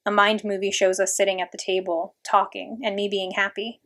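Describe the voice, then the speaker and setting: A woman's voice: mid-range voice, level tone, brisk, hardly any pauses, fairly bright tone. Woman reading a storybook aloud. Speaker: audiobook reader. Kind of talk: first-person storybook narration.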